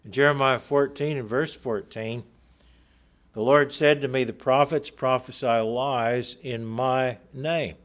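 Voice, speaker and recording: A man preaching a sermon, reading scripture aloud and explaining it in an earnest, emphatic way, slowing down to stress key points. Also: mid-range voice, fairly even intonation, a bit bright.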